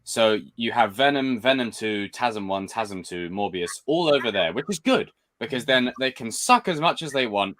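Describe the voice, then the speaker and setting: A man hosting a casual podcast chat, excited and quick to call people bro and dude. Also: medium pitch. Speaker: podcast host.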